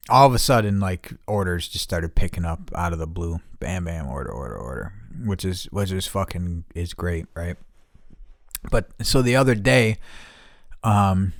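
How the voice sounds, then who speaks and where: A man's voice: deep voice, no room sound, studio quality. A man hosting a casual solo podcast, rambling with constant swearing and many restarts. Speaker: podcast host.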